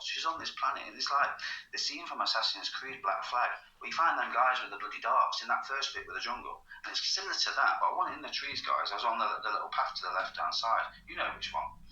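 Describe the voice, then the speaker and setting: Rambling man, bright roomy sound. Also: medium pitch, lively intonation, fast, distant mic, dull audio. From England. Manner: rambling, swears casually, frequent "you know what I mean", drops into half-whispers. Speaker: vlogger. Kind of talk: casual storytelling monologue.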